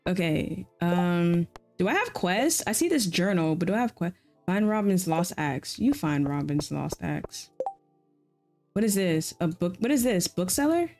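Soft music plays behind this gaming streamer, whose low voice swings widely in pitch and comes across a little slow and mellow. She plays a farming game while bantering with her chat, reacting aloud in a playful, chatty way.

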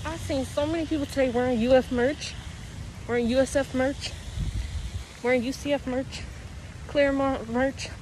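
A teenage girl vlogging casually outdoors on a college campus, talking to her viewers in a loud, chatty way. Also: high-pitched, fairly even intonation, moderate pace, long pauses, slight background noise, low-quality recording. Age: teens. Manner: chatty, talks to viewers as y'all. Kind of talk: casual vlog chat.

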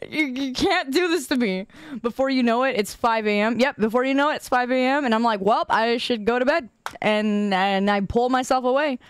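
A woman's voice: a little high, expressive, moderate pace, clear, resonant tone, no echo. A woman streamer chatting casually with her viewers, teasing and laughing often.

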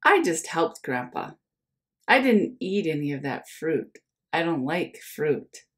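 A stubborn little boy from a children's storybook, insisting firmly on his point, as a woman reading aloud voices him. He speaks slowly, with a lively rise and fall in his voice. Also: sits low, pitched below the performer's own voice, exaggerated voice. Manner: firm, insistent.

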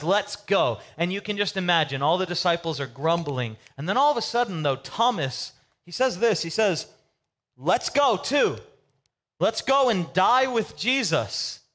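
Lively storytelling preacher, man. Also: high-pitched. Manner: casual, animated storytelling with comic asides. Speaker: pastor. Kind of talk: sermon.

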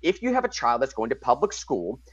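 An excitable man co-hosts a casual political talk show, slangy and quick to react as he reads news items aloud. His voice sits at a middling pitch. The sound is dull and lo-fi, with a dry, close feel. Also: breathy edge, dry recording. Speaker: podcast co-host.

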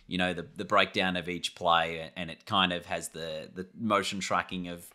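A man's voice: low-pitched, fairly even intonation, normal speed, sharp tone. A man, a gaming YouTuber, giving a casual breakdown of a trailer and thinking aloud in a loose, rambling way.

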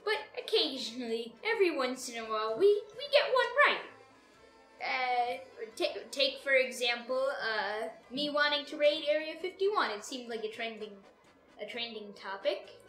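Brief: someone doing a clueless, chipper male sidekick, high and bright, rambling, echoey room. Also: animated, moderate pace, soft background music. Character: dim, cheerful male comedy character. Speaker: co-host. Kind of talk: comedy sketch banter.

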